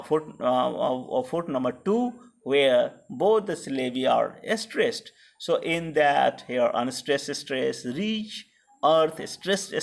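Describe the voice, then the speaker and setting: A man's voice: on the high side, vocal fry. A man with an Indian English accent giving an academic lecture on poetry, hesitant, with many fillers and restarts. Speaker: literature lecturer.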